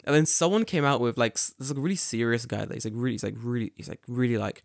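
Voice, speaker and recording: Animated young man telling a story. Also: quick pace, vocal fry, dry recording, clean studio sound. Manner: animated, swearing, acts out quotes with big jumps in pitch. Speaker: podcast co-host. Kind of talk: casual storytelling chat.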